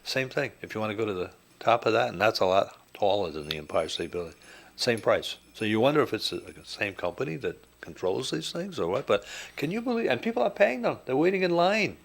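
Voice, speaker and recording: A middle-aged man with a gravelly, low voice, talking casually on a live radio show. He tells stories emphatically and swings upward when something surprises him. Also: very animated, a little fast. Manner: chatty, emphatic storyteller. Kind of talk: casual on-air chat.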